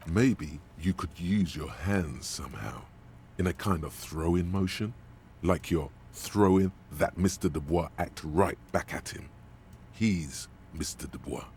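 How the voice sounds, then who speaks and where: Um ator narrando uma voz interior profunda e lenta. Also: male voice, low voice, unhurried, a little mellow, a little hiss or hum. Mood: ominous taunting. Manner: ominous, taunting. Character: the male inner voice of a detective's mind. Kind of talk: game narration.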